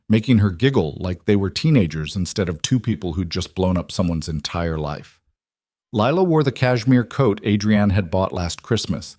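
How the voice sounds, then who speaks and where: Low-voiced male story narrator. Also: darkish tone, dry recording, studio quality.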